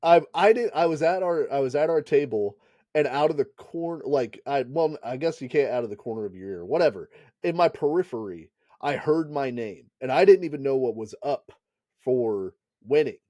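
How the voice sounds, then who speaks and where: This podcast co-host keeps things casual, wandering off on tangents and laughing frequently. He speaks at normal speed in a warm, medium-pitched, animated voice, captured in clean studio sound without any room echo.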